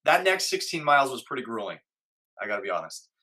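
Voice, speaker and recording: A middle-aged man recounts a hard personal story as an interview guest. His voice is bright and a little tense, and he speaks earnestly, acting out the thoughts he had at the time. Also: mid-range voice, sing-song, fast. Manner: earnest, acts out his own inner voice.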